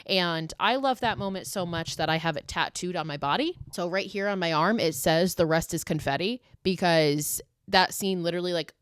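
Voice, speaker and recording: Woman podcaster, lowish voice, emotional, gushing, casual swearing, dry close sound. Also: normal speed, hardly any pauses, fairly bright tone, clean tone, no echo. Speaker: podcast host. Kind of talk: casual solo podcast talk.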